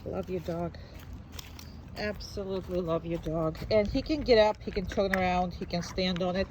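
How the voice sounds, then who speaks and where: A woman dog trainer who gushes high sing-song praise at a dog and explains the training to its owner in a relaxed, chatty way with fillers. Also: moderate pace, background noise.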